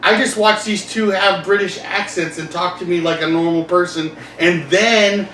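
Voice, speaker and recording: A man hosting a casual podcast chat, rambling and animated, laughing often and acting out quotes. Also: high-pitched, moderate pace, a little hiss or hum. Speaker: podcast host. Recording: roomy, distant mic with faint ambience.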